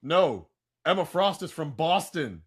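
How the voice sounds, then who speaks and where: A man co-hosting a casual pop-culture podcast, chatty and prone to loud bursts of hype. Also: fairly high pitch, sing-song, measured pace, breathy edge. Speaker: podcast co-host.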